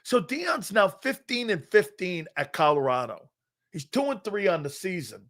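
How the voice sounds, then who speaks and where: A middle-aged man hosting a live sports talk show, ranting loudly and profanely about football. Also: sits high, normal speed. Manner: loud, profane and animated, mocking others in put-on voices. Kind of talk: unscripted sports rant.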